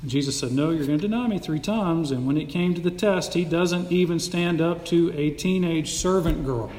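A man preaching an emphatic, animated sermon as a pastor, recorded in a church sanctuary. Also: a little high, normal speed. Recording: echoey hall with long reverb.

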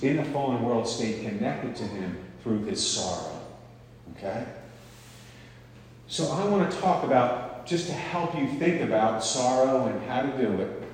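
A man's voice: medium pitch, darkish tone, slight background noise. A man preaching a conversational sermon, often checking in with the audience by asking "okay?". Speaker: pastor. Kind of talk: sermon teaching. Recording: echoey hall from far off.

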